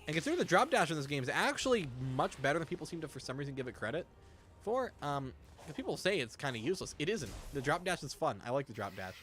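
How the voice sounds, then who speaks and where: Young guy streaming games, rambly and sweary, bright voice. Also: fairly high pitch, very animated, quick pace, a little hiss or hum. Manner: rambling, chatty, swears freely. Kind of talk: casual gameplay commentary.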